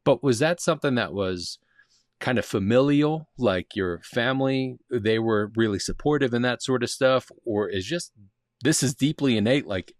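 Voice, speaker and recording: A man's voice: mid-range voice, a little slow, no echo. A man with a mid-range voice hosts a podcast and asks his guest questions. His tone is thoughtful and conversational, with a dry, close sound. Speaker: podcast host. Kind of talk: casual interview chat.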